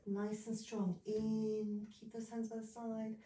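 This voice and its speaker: A woman's voice: on the high side, slow, far from the mic. Yoga teacher woman in a roomy space. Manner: calm step-by-step cueing, breath counts, light humor. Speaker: yoga instructor. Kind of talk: guided yoga instruction. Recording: roomy, voice a bit off-mic.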